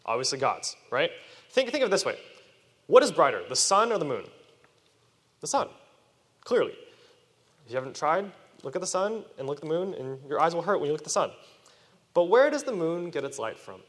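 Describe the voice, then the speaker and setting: A man preaching a sermon to children, animated and asking his listeners questions. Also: a little high, brisk, long pauses. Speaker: youth preacher. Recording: long reverb of a hall.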